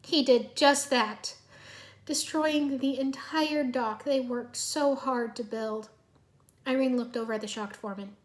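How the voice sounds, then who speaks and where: Woman reading a story aloud, fairly high voice. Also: normal speed. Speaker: reader. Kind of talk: storybook narration.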